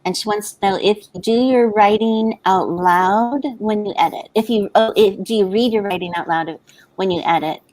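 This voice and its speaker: A woman's voice: mid-range voice, normal speed, darkish tone. Woman co-hosting a writing stream, chatty, reads out viewer comments, easygoing. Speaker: co-host of a writing livestream. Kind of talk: casual livestream chat.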